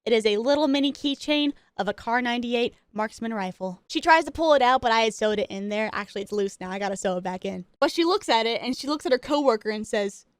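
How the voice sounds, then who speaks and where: A woman gaming creator telling a story in casual chat while she plays, animated and excitable, with chatty asides and frequent laughs. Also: a little high, fast, hardly any pauses, smooth, dry recording, studio quality. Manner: chatty, self-interrupting asides.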